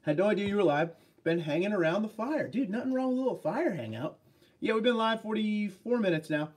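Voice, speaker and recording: A man's voice: high voice, animated, a little fast, breathy edge. A man hosting a casual livestream, chatting upbeat and rambling as he reads out viewer comments. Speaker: livestream host.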